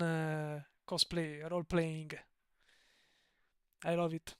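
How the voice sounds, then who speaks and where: A man's voice: high voice, slow pace, fairly bright tone, no room sound, studio quality. A man with an Italian accent chatting casually on a live stream, rambling, digressing and laughing often. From Italy.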